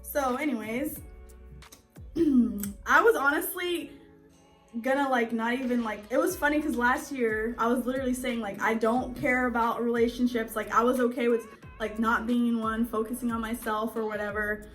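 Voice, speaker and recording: A woman's voice: a little high, fairly even intonation, normal speed, fairly bright tone, faint music behind. A woman in her twenties, chatty and giggly, telling the story of how she met her partner, full of likes and you knows. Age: 20s. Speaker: co-host telling a couple's story. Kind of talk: casual chat. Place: indoors at home in front of a screen.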